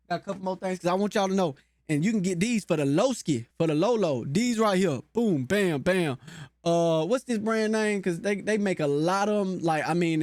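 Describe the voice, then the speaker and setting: A talkative man hosts a casual guitar lesson on his channel, chatting with viewers in a folksy way and addressing them directly. His voice sits high for a man, and the sound is dry and close with no room echo.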